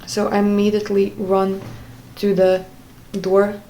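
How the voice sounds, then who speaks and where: A young woman telling a personal story in a casual, halting way, often stopping to search for words. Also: mid-range voice, monotone, mellow, a little hiss or hum, low-quality recording. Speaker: vlogger.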